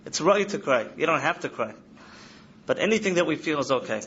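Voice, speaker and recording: A man in his thirties gives an earnest lecture to students, a slightly higher voice and key phrases said again and again. The recording sounds dull and lo-fi, a faint hiss behind him. He seems to be speaking in a study hall. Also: expressive, a little fast, fairly bright tone. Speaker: trauma counselor speaking to yeshiva students. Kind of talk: lecture to an audience.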